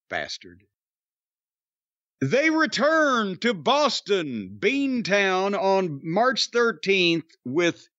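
Sarcastic, high-pitched ranting older man. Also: pushed and bright, dry recording. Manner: profane, sarcastic rants with rhetorical questions. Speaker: podcast host. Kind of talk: casual wrestling review chat. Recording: slightly dull, dry podcast audio.

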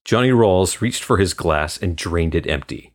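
Deep-voiced male audiobook narrator. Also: lively intonation, moderate pace. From Florida. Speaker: guest narrator.

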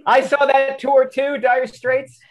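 A middle-aged man co-hosting a podcast, telling stories in a lively, animated way. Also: extremely high pitch, slow pace. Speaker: podcast co-host. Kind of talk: casual chat.

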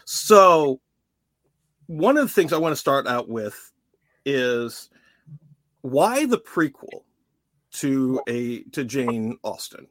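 A man's voice: mid-range voice, sing-song, takes it slowly, pauses often, fairly bright tone, dry recording. A man hosting a podcast interview, enthusiastic and joking with his guest. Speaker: podcast host.

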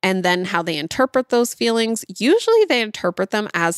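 A woman's voice: medium pitch, very animated, brisk, few pauses, no room sound. Woman in her 30s hosting a podcast, chatty and direct, talks to listeners like friends, dry close mic. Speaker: podcast host. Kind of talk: casual solo podcast talk.

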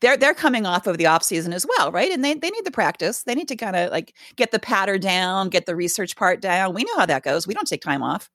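A woman's voice: medium pitch, big pitch swings, a little fast, hardly any pauses, a bit bright, no room sound, clean studio sound. An older woman co-hosting a casual sports podcast, explaining things patiently with easy humor. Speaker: podcast co-host. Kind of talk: casual chat.

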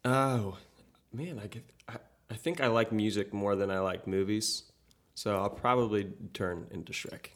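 Easygoing young man, lowish voice. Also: normal speed. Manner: easygoing, thinks aloud. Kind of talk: casual chat.

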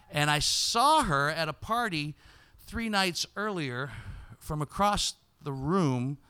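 A man hosting a podcast, telling a comic story in a loud, animated way that breaks into shouts. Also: a little high, slow pace, clean tone. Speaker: podcast host.

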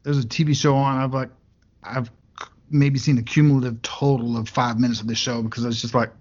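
A man's voice: mid-range voice, flat delivery, a little fast, darkish tone. A man from West Texas, rambling and joking as a podcast host in casual chat. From West Texas, USA. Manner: rambling, jokey storyteller. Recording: dull lo-fi sound.

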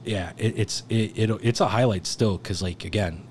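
A man's voice: fairly low pitch, normal speed, a little mellow, a little hiss or hum. A man in his thirties, a firefighter guest telling a story in a loose, profane, rambling way and laughing often. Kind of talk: casual storytelling.

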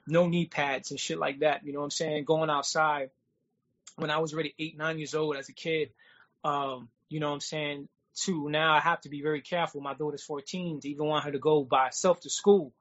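A man's voice: on the high side, little pitch movement, brisk, fairly bright tone. A man, talking in a laid-back, streetwise way and often asking "you know what I'm saying". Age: 40s. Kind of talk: casual chat. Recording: dull lo-fi sound.

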